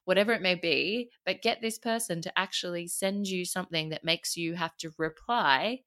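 An Australian woman with a notably low voice talks through ideas in a relaxed podcast conversation. She is a coach, chatty and easygoing, and she breaks into laughter often as she explains. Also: normal speed. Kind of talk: casual podcast chat.

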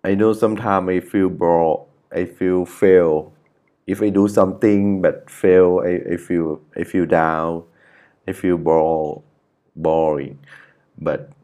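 Slow, deep-voiced Thai-accented man. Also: dark tone. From Thailand, Chiang Mai. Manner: halting, with frequent restarts and self-corrections. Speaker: podcast host. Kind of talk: solo podcast monologue.

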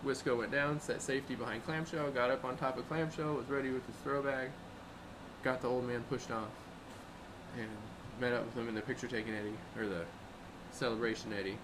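A young man telling rafting stories in loose, casual talk, jumping into the voices of the people he quotes. His voice sits at an ordinary middle pitch. A steady hum of air conditioning runs underneath him. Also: a little fast. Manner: animated, acts out quoted people with raised voice. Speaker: river rafting guide. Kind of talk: casual storytelling chat. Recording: noisy background hum.

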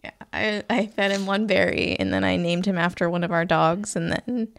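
Gravelly-voiced woman in a dry room. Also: lowish voice, moderate pace, no echo. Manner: hesitant, many fillers, laughs easily. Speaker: co-host. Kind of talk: casual gaming chat.

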